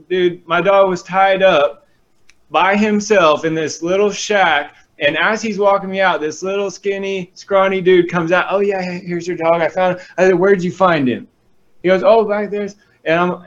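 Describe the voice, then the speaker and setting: A man telling a personal story in a casual, animated way, acting out the voices in it. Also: fairly high pitch, muffled recording. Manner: animated, acts out quotes.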